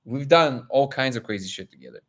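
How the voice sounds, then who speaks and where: Male host, mid-pitched, lively delivery, acts out the voices of others in his anecdotes. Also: brisk. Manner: animated, acts out quotes, many restarts. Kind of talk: live discussion, personal storytelling.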